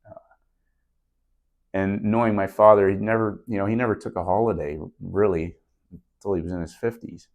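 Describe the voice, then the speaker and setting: A man's voice: fairly low pitch, steady tone, moderate pace, long pauses, a little mellow. A middle-aged man, a podcast guest, telling a story in an earnest, reflective way during a casual interview.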